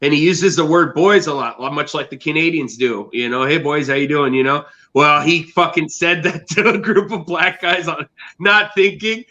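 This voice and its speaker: Animated, bright-voiced man telling stories. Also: fairly high pitch, moderate pace. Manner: profane, animated storyteller. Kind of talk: casual chat. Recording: muffled lo-fi audio.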